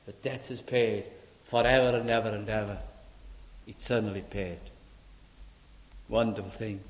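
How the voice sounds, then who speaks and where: Male preacher, slow and dramatic, acts out a dialogue with the Lord, big echoey hall. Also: fairly low pitch, fairly even intonation. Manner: dramatic dialogue between believer and the Lord, swinging from loud to hushed. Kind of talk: sermon.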